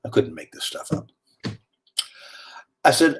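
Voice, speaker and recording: A man telling a dramatic first-person story with lively delivery and sudden swings in tone. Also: medium pitch, moderate pace, pauses often, breathy edge.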